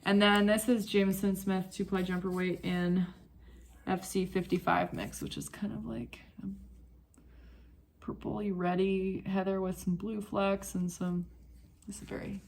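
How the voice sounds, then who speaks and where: Unhurried and medium-pitched with vocal fry, a young woman casually chats about knitting in her home vlog, rambling and easily sidetracked.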